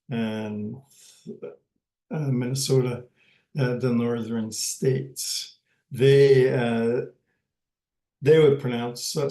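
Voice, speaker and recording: Teacher: a man with a northern Ojibwe accent, unhurried and halting, in an echoey room. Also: medium pitch. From northern Ojibwe community in Canada. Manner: halting, many pauses and fillers, soft chuckles. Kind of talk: informal online language class.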